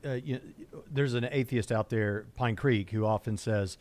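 A middle-aged man from Southwest Indiana speaks, in a dry, close recording. He co-hosts a casual discussion at a medium pitch and gets animated when he quotes others. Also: unhurried, no room sound. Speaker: co-host.

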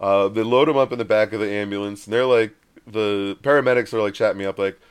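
A man telling a long story in casual chat, rambling and animated, often acting out what others said. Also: fairly low pitch, fast, clear, resonant tone. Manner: rambling, animated, acts out quoted voices.

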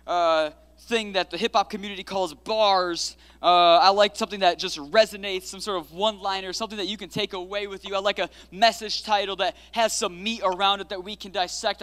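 A man in his thirties praying and then preaching a lively, playful sermon that builds into shouted declarations, as a pastor in a large church. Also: high-pitched, clear, resonant tone. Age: 30s. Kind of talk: prayer and energetic sermon. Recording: long reverb of a large hall.

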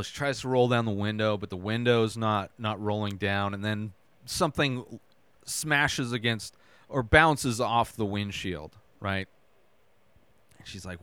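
Guy retelling a show episode, smooth voice, dry close mic, lots of "right?". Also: fairly low pitch, a little slow, pushed and bright, no echo. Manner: retells scenes loosely with frequent "right?" and quoted lines. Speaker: podcast host recapping a TV episode. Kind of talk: casual recap.

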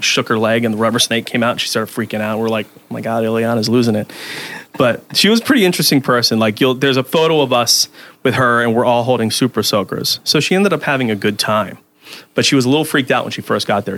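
A man's voice: mid-range voice, gravelly, a bit bright. A man who is a podcast guest, telling stories in a rambling casual chat full of restarts. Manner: rambling, many restarts and fillers.

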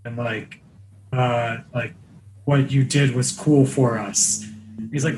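A man of Iranian heritage co-hosting a casual podcast, telling blunt, profane anecdotes and slipping into quick impressions. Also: medium pitch, fairly even intonation, background noise. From Iranian family. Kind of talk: casual storytelling chat.

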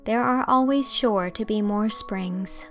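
A woman voicing an eager, lively young woman. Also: mid-range voice, takes it slowly, faint music behind, lightly acted.

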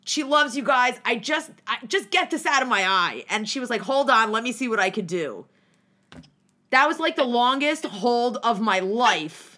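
A young woman from New Jersey telling a rambling, animated story in casual chat, swearing freely and acting out what people said, with many restarts. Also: a little high, moderate pace.

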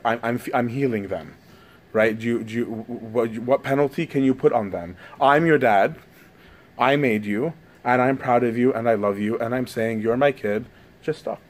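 A man's voice: mid-range voice, a little mellow. A man giving a conversational sermon, often asking "right?" as he goes. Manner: conversational, frequent "right?" tags.

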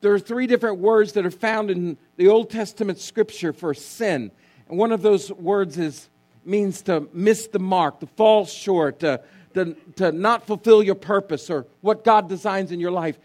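High-voiced preacher, slow and emphatic. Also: male voice, a little mellow. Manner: emphatic preaching, repeats key words, asks congregation to respond. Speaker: pastor. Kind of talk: sermon.

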